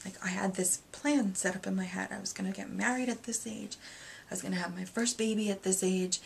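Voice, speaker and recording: A woman in her thirties, a single mom, talking candidly in a confessional vlog, rambling and hesitant, with many pauses and fillers. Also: medium pitch, steady tone, gravelly, slight background noise. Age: 30s. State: emotional, near tears at moments. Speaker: vlogger.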